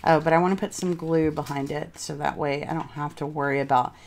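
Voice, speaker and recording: A woman's voice: low-pitched, steady tone, brisk, darkish tone, slight background noise. A young woman crafting at home, chatting casually and thinking aloud while she changes her mind. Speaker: craft vlogger.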